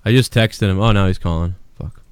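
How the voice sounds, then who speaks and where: A man's voice: low voice, brisk, smooth. A man hosting a live-streamed show, chatting casually and profanely while telling a story. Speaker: podcast host.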